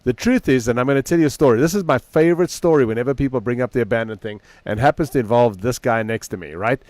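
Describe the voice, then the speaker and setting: A man's voice: mid-range voice, quick pace, dry recording. A middle-aged man, a dog trainer co-hosting a casual podcast, telling stories animatedly and acting out the people in them. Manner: animated storyteller, acts out quoted people.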